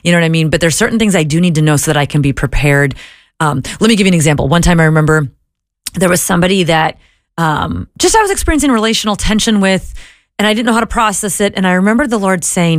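Animated lower-voiced woman storyteller. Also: quick pace, no echo, clean studio sound. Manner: animated storyteller, acts out quoted dialogue. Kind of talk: faith talk show conversation.

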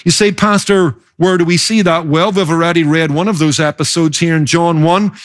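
High-voiced man preaching emphatically. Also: fairly even intonation, normal speed. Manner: emphatic preaching with varied pace. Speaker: pastor. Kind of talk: sermon.

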